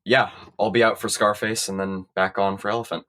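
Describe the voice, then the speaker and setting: A man's voice: fairly low pitch, flat delivery, fairly quick, fairly bright tone. A man co-hosting a podcast in a studio, chatting in a casual, jokey way. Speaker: podcast co-host. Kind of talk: casual chat.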